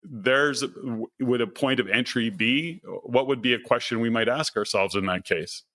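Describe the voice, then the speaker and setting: A man's voice: mid-range voice, normal speed, bright, forceful tone. A man hosting a podcast interview, thinking aloud in long, looping sentences. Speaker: podcast host. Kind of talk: conversational interview.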